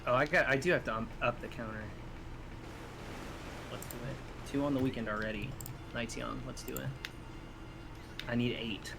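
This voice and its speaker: A man's voice: mid-range voice, fairly even intonation, normal speed, gravelly, long pauses, background noise. A young man streaming a game, joking around in a laid-back way and muttering asides to himself. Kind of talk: casual gaming stream chat.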